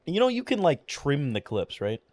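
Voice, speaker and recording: A man with a fairly high, slightly mellow voice and huge pitch swings talks at normal speed, with no echo. Streaming a video game, he offers rambling, casual commentary laced with swearing and fillers, mumbling, his voice occasionally cracking.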